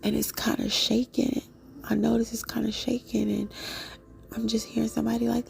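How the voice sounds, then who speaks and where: Woman, whispered dream retelling, gravelly fry, flat monotone, faint music behind. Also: a little high, normal speed. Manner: soft unvoiced whisper, many fillers. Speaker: vlogger.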